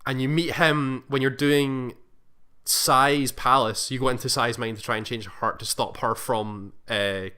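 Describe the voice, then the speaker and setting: Man, podcast co-host, bright, medium pitch, rambling recap with restarts. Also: fairly even intonation, a little slow, clean tone. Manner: rambling, self-correcting, acts out quoted lines. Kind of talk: casual chat, recapping a game plot.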